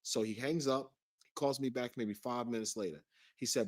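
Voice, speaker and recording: A man's voice: mid-range voice, normal speed, dry recording, clean studio sound. A man as an interview guest, recounting a personal story in an earnest way.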